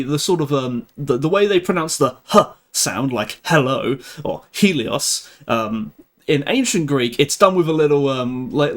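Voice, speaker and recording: Lively, chatty young man streaming. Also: medium pitch. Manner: chatty, laughs often, halting restarts. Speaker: livestream host. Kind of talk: casual live-stream chat.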